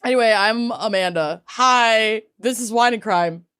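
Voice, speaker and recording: A woman co-hosting a casual chat podcast, with a fairly high voice. She jokes in a big, dramatic way and swears freely as she talks. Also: a little slow, a bit bright, smooth. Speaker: podcast co-host.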